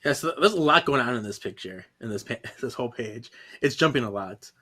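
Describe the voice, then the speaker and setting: A man's voice: medium pitch, animated, fairly quick, sharp tone, slightly rough. A man co-hosting a podcast, recapping comic panels in a casual, laughing way. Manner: laughs often, walks through panels. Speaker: podcast co-host. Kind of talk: casual comic book discussion.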